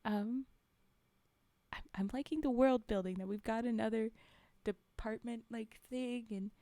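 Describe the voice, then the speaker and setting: A woman's voice: on the high side, fairly even intonation, a little slow, warm tone, no room sound. A woman streamer reading a story aloud and reacting with playful, giggly asides.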